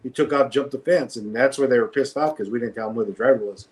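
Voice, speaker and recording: A fast-talking guest with a mid-range voice spins a street story in casual talk, breaking into laughter often and animatedly acting out how others spoke.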